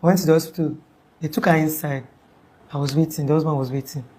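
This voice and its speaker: A young Nigerian woman recounting an event in casual conversation, animated and acting out what people said. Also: low voice, fast, a little hiss or hum. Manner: animated, acts out quoted speech, many restarts. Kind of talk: conversational storytelling.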